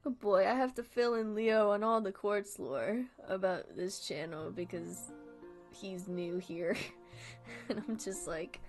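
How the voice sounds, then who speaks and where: A woman's voice: medium pitch, fairly even intonation, a little slow, darkish tone, soft background music. A young woman streaming and chatting casually, rambling from thought to thought, laughing often and swearing freely.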